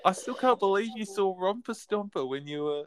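A man's voice: high-pitched, animated, fairly quick, dry recording. An Australian man with an Australian accent co-hosting a podcast in casual chat. He is laid-back and blunt and swears freely. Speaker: podcast co-host.

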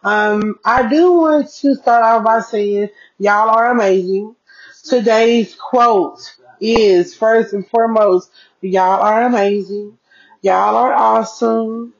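A woman's voice: fairly high pitch, takes it slowly, creaky, muffled recording. A woman hosting a casual blog podcast from her bedroom desk, talking loosely to her listeners as y'all and stretching out key words. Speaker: podcast host.

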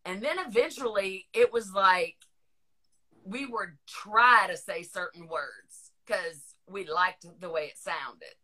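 Woman, middle-aged, Southern US accent, podcast host, chatty and rambling, bright clear tone. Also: medium pitch, lively intonation, slow pace. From Northern Virginia, USA. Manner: chatty, rambling, laughs often. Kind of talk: casual chat.

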